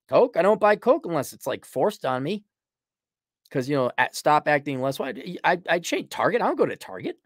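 A man's voice: on the high side, big pitch swings, a little fast, no room sound, clean studio sound. A middle-aged man hosting a livestream, giving rambling, sarcastic opinions in a casual way. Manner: rambling and sarcastic, mocks with put-on voices. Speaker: livestream host.

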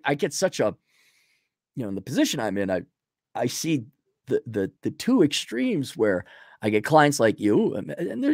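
A middle-aged man giving rambling, folksy advice to a listener in a casual monologue, with sudden loud swings as he tells stories. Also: on the high side, no echo, studio quality. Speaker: advice host answering a listener.

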